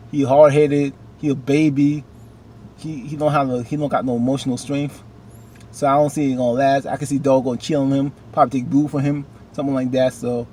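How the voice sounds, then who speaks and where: Man, casual TV recap, animated, faint background hiss. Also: medium pitch. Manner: animated, talks back to characters with rising outbursts. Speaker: TV recap vlogger.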